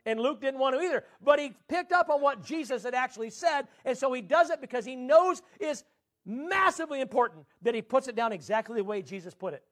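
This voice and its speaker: A man with a very high voice preaches a sermon. He leans hard on his words and slows right down to draw out the scripture he quotes. His pitch rises and falls sharply as he makes his points. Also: lively intonation, a bit bright. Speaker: pastor.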